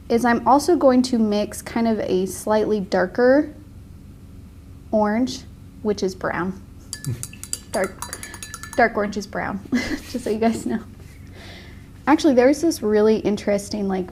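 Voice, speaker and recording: A woman in her thirties teaching a painting class, chatty and quick to laugh. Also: on the high side, darkish tone. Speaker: painting instructor. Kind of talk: casual tutorial.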